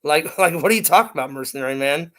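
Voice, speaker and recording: A man co-hosting a casual film review chat, excitable and loud, acting out lines as he retells scenes, on a home mic in a small room. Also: fairly high pitch, fast talker. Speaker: co-host reviewing films.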